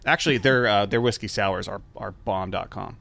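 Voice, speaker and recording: A man's voice: lowish voice, moderate pace, vocal fry, fairly bright tone. Chatty male podcast co-host. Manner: chatty, jokey, stumbles on repeated words. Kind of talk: casual chat.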